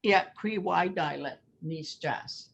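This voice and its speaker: Slow, patient older woman teaching. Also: medium pitch, fairly bright tone, slight background noise. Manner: slow, patient, repeats words for learners. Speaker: language teacher. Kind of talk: language lesson over a video call. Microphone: video call.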